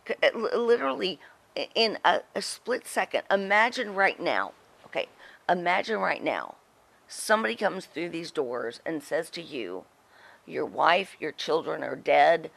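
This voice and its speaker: A woman's voice: on the low side, sing-song, normal speed, gravelly, fairly bright tone. A middle-aged woman, a guest on an interview show, telling stories bluntly and emphatically, with frequent swearing. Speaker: guest, former wrestling personality. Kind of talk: candid interview storytelling.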